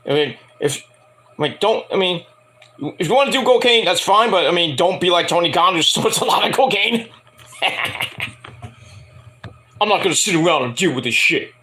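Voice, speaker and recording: A man's voice: high voice, animated, normal speed, pauses often, bright, forceful tone. A man giving a casual review vlog, rambling and swearing, mocking people as he goes. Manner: rambling, profane, mocking rants. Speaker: wrestling show reviewer.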